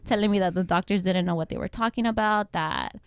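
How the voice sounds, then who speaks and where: A young woman telling a personal story in casual chat, acting out what others said to her in quick quoted lines. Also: mid-range voice, smooth, dry recording, clean studio sound. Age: young adult. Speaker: guest mother.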